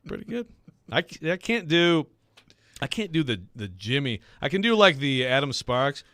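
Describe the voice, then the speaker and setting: A man hosting a sports talk radio show, rambling and self-deprecating, quick to laugh. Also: fairly high pitch, big pitch swings, bright, forceful tone, no room sound, studio quality.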